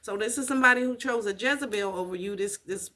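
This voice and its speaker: A woman's voice: mid-range voice, quick pace, pushed and bright. A woman giving a casual tarot reading, blunt and profane, repeating her points for emphasis. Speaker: tarot reader.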